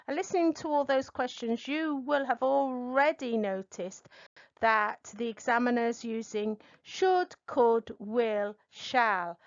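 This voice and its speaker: Teaching to camera, a middle-aged woman English tutor speaks a little high, walking through a language lesson with clear, deliberate care and emphasis on key words. The recording sounds dry and muffled.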